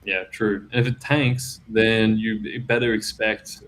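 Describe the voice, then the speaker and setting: A young man co-hosting a casual livestream chat, laid-back and quick to laugh. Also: on the low side, fairly even intonation, fairly bright tone, poor audio. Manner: laid-back, laughing, says bro and dude. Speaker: podcast co-host.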